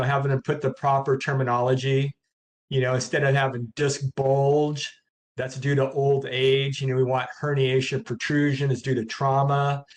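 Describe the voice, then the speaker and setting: A man, a chiropractor guest in a casual interview, who talks hesitantly with many fillers but gets blunt. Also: medium pitch.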